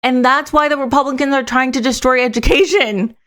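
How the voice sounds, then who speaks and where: A woman's voice: high-pitched, steady tone, fairly quick, a bit bright. A young woman giving casual, emphatic reaction commentary and swearing for emphasis.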